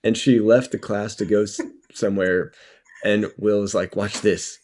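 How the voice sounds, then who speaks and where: A young man, a guest on a podcast, calmly telling a school story and chuckling as he goes. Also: lowish voice, normal speed. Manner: laid-back, chuckles as he tells a story. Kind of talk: casual chat, storytelling.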